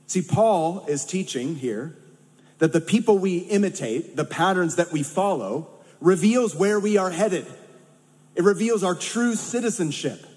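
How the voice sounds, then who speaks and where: Heard through long hall reverb, this Californian pastor has a darkish voice that sits high, and he speaks in an animated but unhurried way. His sermon feels conversational, sprinkled with jokes on the side.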